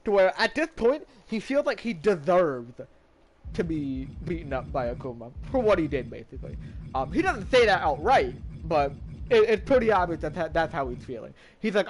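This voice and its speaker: A man's voice: fairly high pitch, sing-song, moderate pace. A man streaming a game, casually recapping its story in a rambling way, restarting sentences and swearing now and then.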